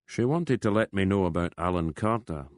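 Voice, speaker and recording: An older retired superintendent who answers flatly and matter-of-factly, giving little away, with a deep voice, as a male narrator puts him on. The recording is dry. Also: normal speed, no room sound. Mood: guarded.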